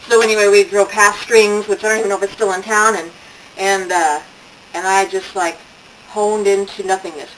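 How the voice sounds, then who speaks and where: A woman's voice: mid-range voice, brisk, background noise. Chatty older woman, slightly distant mic. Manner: chatty storytelling, acts out quoted voices, laughing asides. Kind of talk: casual monologue.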